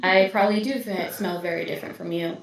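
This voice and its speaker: A woman's voice: lowish voice, steady tone, fast talker, vocal fry, roomy sound, recorded from a distance, slight background noise, low-quality recording. A woman playing a tabletop game, speaking earnestly and formally in character. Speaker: player.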